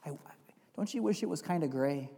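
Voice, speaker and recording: A man preaching a sermon, building to emphatic runs and dropping to quiet confessional asides, and reading scripture aloud. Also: fairly high pitch, lively intonation, fairly quick, creaky, breathy edge. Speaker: pastor. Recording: long hall reverb.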